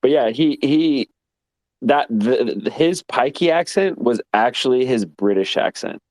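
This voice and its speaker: A man's voice: medium pitch, lively intonation, measured pace, darkish tone, no room sound. A man from Texas chatting casually on an online audio call, rambling and laughing with lots of restarts and swearing, sounding sleepy. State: sleepy, getting ready for bed. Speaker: guest on a live audio chat room. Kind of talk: casual chat.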